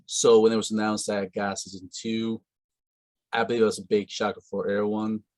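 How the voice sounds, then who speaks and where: Rambling low-voiced male interviewer. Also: little pitch movement, a little fast, darkish tone, no room sound. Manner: rambling, many fillers and restarts. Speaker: podcast host. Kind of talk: casual interview.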